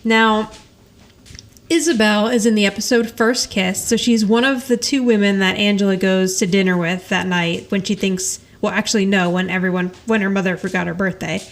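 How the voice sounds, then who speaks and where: A woman's voice: medium pitch, steady tone, moderate pace. A woman hosting a podcast, casually retelling an episode, laughing often and acting out the characters' lines. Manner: chatty storytelling, laughs often, acts out quoted lines. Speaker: podcast host recapping an episode. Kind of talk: casual chat.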